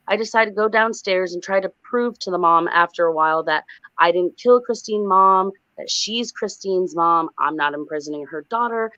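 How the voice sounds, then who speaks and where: A woman recounting a frightening dream as a guest on a livestream, animated and breathless. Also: mid-range voice, no room sound. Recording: dull lo-fi sound.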